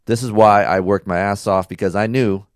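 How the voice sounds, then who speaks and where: Low-voiced male podcast co-host, loose and profane, dry close mic. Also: moderate pace, clear, resonant tone, no room sound. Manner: rambling, profane, animated storytelling. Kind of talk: casual chat.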